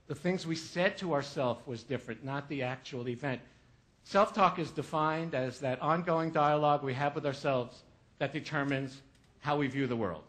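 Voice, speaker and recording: A man with a slightly bright voice on the high side gives a humorous motivational keynote. He tells a story peppered with comic asides, acting out the voices of the people in it.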